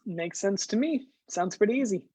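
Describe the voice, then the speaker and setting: A man's voice: sits high, animated, normal speed, warm tone, breathy edge, no room sound, rough recording. A man hosting a scouting den meeting for young kids, upbeat and leading activities with frequent "uh" fillers.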